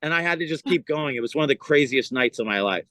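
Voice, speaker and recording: Animated storytelling man, dry close sound. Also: mid-range voice, quick pace, no echo. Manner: animated, acts out voices in his stories. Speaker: stand-up comedian guest. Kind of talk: casual storytelling.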